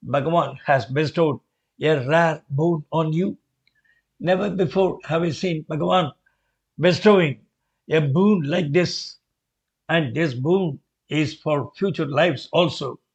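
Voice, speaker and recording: A devout scholar speaks with earnest respect, as a man reads his words aloud. The pace is very slow and deliberate. The sound is dull and lo-fi. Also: a little high. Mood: reverent. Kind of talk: reading a devotional memoir aloud. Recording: dull lo-fi recording.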